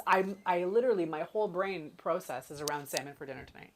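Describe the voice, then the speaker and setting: Low-voiced woman telling animated stories. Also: fast. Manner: animated storytelling, acts out quotes. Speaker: human design guide. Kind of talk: casual chat.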